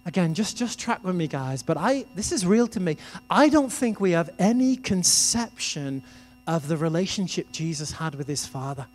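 A man's voice: high-pitched, lively intonation, normal speed, a little mellow. A man preaching a sermon in a conversational, storytelling way. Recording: reverberant hall with music behind.

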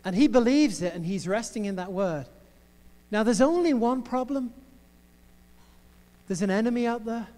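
A male preacher delivers his sermon in a playful, joking way. His voice sits very high, and the sound comes with a long reverb from a large hall. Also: lively intonation, normal speed, long pauses, mellow. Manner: playful, jokey storytelling.

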